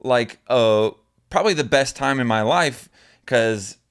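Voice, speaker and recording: Young male podcast co-host, earnest, reflective, smooth-toned, casual chat. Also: mid-range voice, expressive, unhurried, a bit bright. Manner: earnest, reflective, rambling with fillers.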